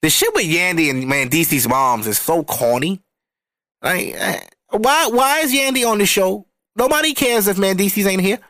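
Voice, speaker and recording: Man, comedic podcast rant, very lively swings in pitch, fairly high voice, dry close sound, crude and rambling. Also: moderate pace, no room sound. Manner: rambling, crude, often jumping up into excited high-pitched outbursts. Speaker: podcast co-host or guest. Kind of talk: profane comedic rant about reality TV. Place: podcast recording setup.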